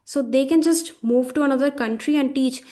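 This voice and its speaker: Outspoken Indian woman, high voice. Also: fairly quick, dark tone. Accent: Indian English. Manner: frank, opinionated, speeds up when making a point. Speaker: guest. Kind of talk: casual conversation.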